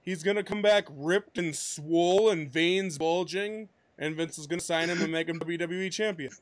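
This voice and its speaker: A man's voice: on the high side, normal speed. A man co-hosting a podcast, chatting casually and cracking jokes. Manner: joking, wisecracking. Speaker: podcast co-host. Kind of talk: casual chat.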